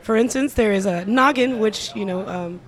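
A woman's voice: medium pitch, normal speed. A young woman from Louisiana, a band singer chatting in an interview, playful and hesitant with lots of fillers. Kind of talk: casual interview chat.

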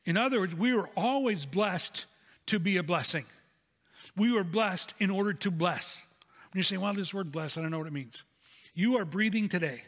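A man's voice: sits high, animated, moderate pace, a bit bright. A man preaching a sermon as pastor, earnest and telling stories, repeating key phrases for emphasis. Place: church sanctuary. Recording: long hall reverb.

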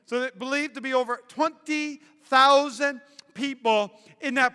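High-voiced, bright preacher man. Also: a little slow, clear, resonant tone. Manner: animated storytelling with playful asides. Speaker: pastor. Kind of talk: sermon. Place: church sanctuary. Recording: echoey hall reverb.

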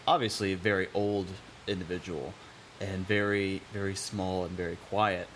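Low voiced host guy, kinda rambly, soft hiss in the room. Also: little pitch movement. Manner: halting, rambling with fillers. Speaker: podcast host. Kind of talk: casual chat.

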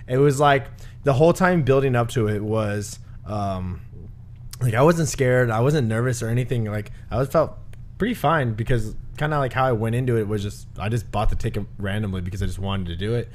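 Man, podcast host, casual chat, profane and animated, mid-pitched voice, faint room noise. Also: fairly quick. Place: room with a dryer running nearby.

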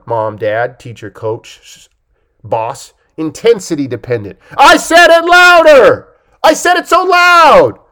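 Emphatic man coaching on a podcast. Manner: emphatic, keeps checking in with "okay?"; lively swings in pitch and loudness for emphasis. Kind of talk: podcast talk.

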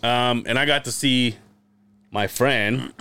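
A man's voice: medium pitch, slow pace, fairly bright tone, no room sound. A man hosting a podcast, telling a long rambling story in casual chat, swearing freely and full of fillers. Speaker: podcast host.

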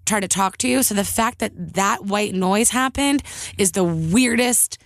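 A woman's voice: mid-range voice, a little slow, no echo, studio quality. A woman co-hosting a podcast, telling a story in casual chat, with lots of "like" and quoted asides. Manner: breathless storytelling, full of "like". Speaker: podcast co-host.

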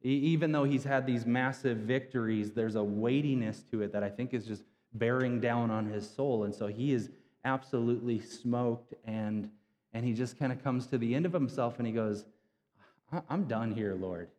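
In a reverberant church sanctuary, a pastor preaches casually, his mid-range voice steady and slightly dark at a normal speed. His conversational sermon retells scripture in everyday slang.

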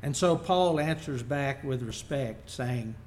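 A man's voice: mid-range voice, slow pace, a little mellow. A man preaching a sermon, reading Bible verses aloud and then explaining them in plain words. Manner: unpolished, working slides as he goes.

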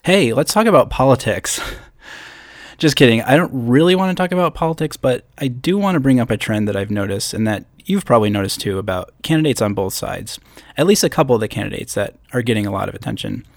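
A podcast host in his thirties from upstate New York records a solo episode in a hotel room, using a podcast microphone with a pop screen. He talks conversationally with self-deprecating asides, quickly, in a gravelly mid-range voice. The sound is clean studio quality with no room sound.

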